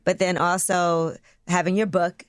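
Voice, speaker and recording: A woman hosting an interview, asking steady, supportive questions. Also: on the low side, a little slow, no echo, studio quality. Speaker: podcast host. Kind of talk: interview conversation.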